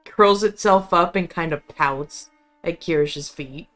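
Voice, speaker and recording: Slow, smooth-voiced woman game master. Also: on the low side, faint music behind. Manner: calm, descriptive narration. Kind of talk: narrating a tabletop game.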